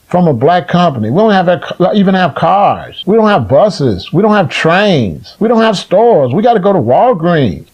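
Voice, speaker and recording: A man lectures his listeners in a fiery, preaching rant. His voice sits a little higher than most men's and climbs into loud, near-shouted rhetorical questions. His talk is blunt and profane and keeps hammering the same phrases. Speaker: community elder speaking on a livestream.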